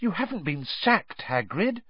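A man's voice: sits high, sing-song, measured pace, husky, dry recording, voice pushed up, full character voice. A man doing an anxious, earnest schoolgirl. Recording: dry, slightly dull audio.

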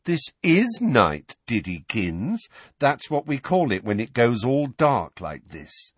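A man voicing a defiant, sharp-tongued teenage boy who mocks his cousin. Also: medium pitch, very animated, slow, slightly rough, dry recording, pitched above the performer's own voice, full character voice. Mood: taunting. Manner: mocking, sarcastic.

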